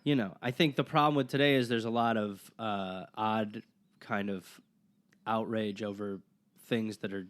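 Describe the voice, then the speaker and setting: A man's voice: fairly low pitch, fairly even intonation, moderate pace, fairly bright tone. A male comedian who grew up in Wisconsin, talking as a podcast guest. His speech is loose and conversational, looping through fillers and restarting sentences as he thinks aloud. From Wisconsin, USA. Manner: rambling, full of fillers and restarts. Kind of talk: casual interview chat.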